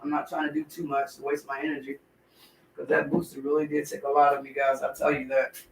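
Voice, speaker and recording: An older woman with a hoarse, congested throat, chatting warmly and ramblingly to her livestream viewers from her home kitchen. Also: low-pitched, flat delivery, fast talker, a little hiss or hum. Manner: chatty, rambling, heartfelt, talks straight to chat. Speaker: livestream cooking host. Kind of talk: casual livestream chat to viewers. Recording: voice distant from the mic.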